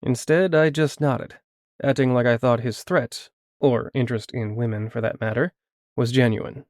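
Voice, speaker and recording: A man narrating first-person fiction in a steady, measured way on a close studio mic. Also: medium pitch, no echo. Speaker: audiobook narrator.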